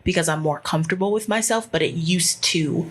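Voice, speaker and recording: A woman in her twenties with a low voice talks candidly on a podcast. She tells personal stories in a reflective, casual way. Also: brisk, slightly rough. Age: 20s. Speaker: podcast co-host. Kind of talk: casual chat.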